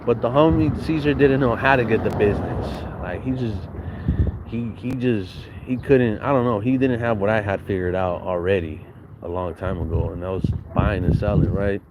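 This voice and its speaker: Speaking at a normal speed over background noise, a lower-voiced man from San Bernardino in Southern California casually tells a meandering story. He swears and uses plenty of street slang, frequently breaking off a thought to start it again, yet his manner remains easygoing and chatty from start to finish.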